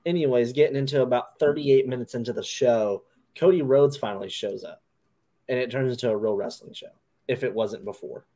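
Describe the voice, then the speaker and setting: A man's voice: medium pitch, brisk, mellow. A man hosting a podcast, reviewing wrestling in a loose, rambling way full of fillers. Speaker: podcast host. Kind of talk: casual wrestling review chat.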